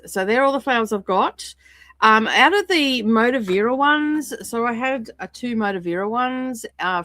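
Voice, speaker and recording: A woman's voice: on the high side, a bit bright, no echo. Chatty woman explaining her crafts. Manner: chatty, rambling, explains as she goes. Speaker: craft livestream host. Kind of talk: casual craft-along chat.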